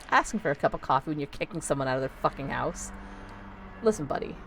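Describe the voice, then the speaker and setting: A woman's voice: low voice, lively intonation, fast talker, a little hiss or hum. A woman streaming a horror game live, joking and reading the dialogue aloud in a playful way. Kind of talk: casual live gameplay commentary.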